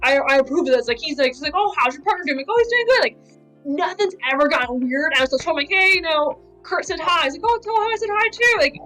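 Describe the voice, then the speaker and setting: A woman's voice: high-pitched, animated, fast talker, sharp tone, soft background music, poor audio. A woman cosplayer chatting casually on a podcast, telling stories full of "like" fillers. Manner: chatty storyteller, many "like" fillers. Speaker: cosplayer guest.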